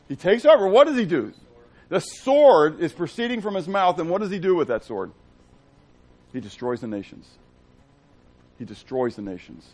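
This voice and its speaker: Man, pastor, fairly high voice, chatty preaching, hushed to loud. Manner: conversational preaching with rhetorical questions; swings from hushed to loud and excited. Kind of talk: sermon.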